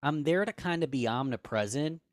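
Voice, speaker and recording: A man guest on a podcast, giving emphatic, energetic business advice in a conversational way, a bit hoarse. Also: fairly high pitch, normal speed, dry recording, clean studio sound. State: slightly hoarse.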